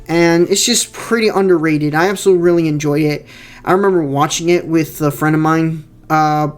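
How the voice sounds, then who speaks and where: A young man giving casual director's commentary on his fan film, rambling with many fillers and repeated words. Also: a little high.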